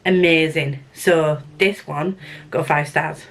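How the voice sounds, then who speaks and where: A woman's voice: sits low, takes it slowly, slightly rough. Chatty Yorkshire woman rambling about books. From Yorkshire, England. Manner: chatty and rambling, with restarts and laughs. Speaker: book vlogger. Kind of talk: casual chat to camera.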